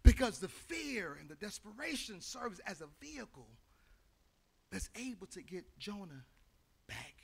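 A male pastor preaching a sermon in a singing cadence, swinging between shouted, sung lines and low, quiet asides. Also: big pitch swings, a little slow, gravelly, husky.

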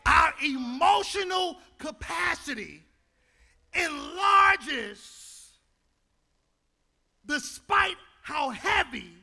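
A male pastor preaching a sermon in a church, his delivery building into shouted, half-sung lines. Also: extremely high pitch, expressive, very slow, creaky, long pauses.

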